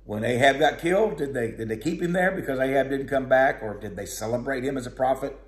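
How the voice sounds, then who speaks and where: A man's voice: medium pitch, fast talker. Plainspoken male preacher in an echoey room. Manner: conversational, plainspoken, storytelling. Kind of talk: sermon.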